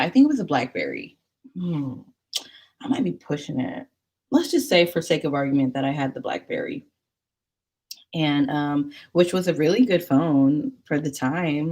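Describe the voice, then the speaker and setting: A woman's voice: low-pitched, dark tone, husky. A woman telling stories in casual chat, rambling and chatty with many fillers.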